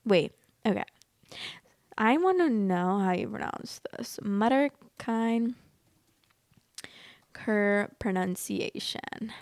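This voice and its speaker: A young American woman hosting a casual storytime vlog, chatting and reacting to online stories with animated, exaggerated remarks. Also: mid-range voice, slow pace, pauses often, dry recording, studio quality. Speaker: host reading online stories.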